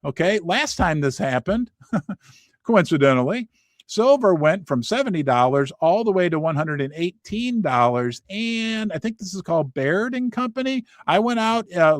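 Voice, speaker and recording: Animated American man hosting from his basement. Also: on the high side, moderate pace, no echo. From United States. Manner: animated, jokey, rambling with restarts and asides. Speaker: host. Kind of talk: casual market commentary.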